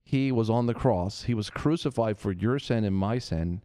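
A man's voice: on the low side, moderate pace, mellow, no echo, clean studio sound. A man hosting a Christian talk show, preaching earnestly and repeating phrases for emphasis. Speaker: host of a Christian TV and radio show.

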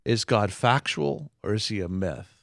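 A man's voice: on the low side, a little slow, gravelly, dry recording. A man co-hosting a Christian talk show, preaching earnestly in casual conversation and acting out quotes. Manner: earnest, animated, acts out quotes.

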